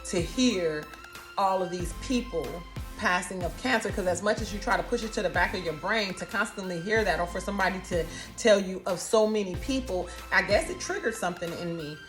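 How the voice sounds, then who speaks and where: A woman, telling her own cancer story in a casual, expressive, folksy way. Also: mid-range voice, brisk, soft background music. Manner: animated, expressive, folksy, calls listeners honey.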